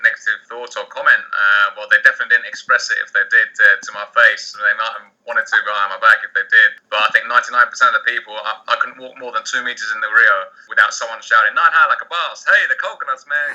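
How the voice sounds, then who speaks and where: A man, a poker player, answering interview questions in a rapid, animated way with many restarts. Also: on the low side, lo-fi sound.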